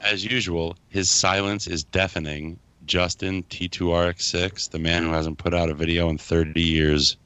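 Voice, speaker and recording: Low voiced guy hosting a podcast, bright tone, keeps cracking up and ribbing his friends. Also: level tone, moderate pace, few pauses, smooth, no room sound. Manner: giggly, teasing co-hosts. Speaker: podcast host. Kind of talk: casual chat.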